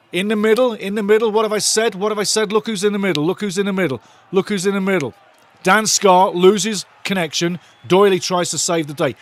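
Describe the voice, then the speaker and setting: A fired-up man calling a match live for his viewers as a fan, with a voice that sits a little high. He is loud and sweary, and he chats straight to the people watching. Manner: excitable, loud and sweary, talks to viewers in chat. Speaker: football watch-along host.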